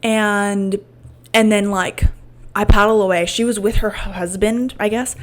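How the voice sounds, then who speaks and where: A woman's voice: mid-range voice, steady tone, a little slow. Young woman podcaster, rambly, says like a lot, swears, emotional and open. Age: 20s. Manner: rambling, filler-heavy with frequent "like" and swearing; emotional and candid. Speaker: podcast host. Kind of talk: casual personal storytelling.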